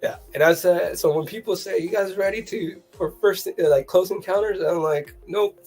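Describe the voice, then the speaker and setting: A guest telling a funny family story in a casual chat, animated and often laughing, with a slightly husky voice. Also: medium pitch, moderate pace, faint music behind.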